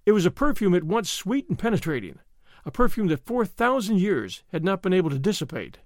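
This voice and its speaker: Lively, high-voiced man narrating. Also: a little fast, no room sound, studio quality. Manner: expressive storytelling, first-person reading. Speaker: audiobook narrator. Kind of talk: scripted narration.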